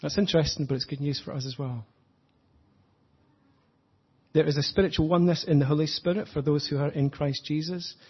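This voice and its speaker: A man preaching an earnest, reflective sermon, slowing down to stress his points. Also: a little high, fairly even intonation, slightly rough, muffled recording. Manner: earnest, reflective, slows for emphasis.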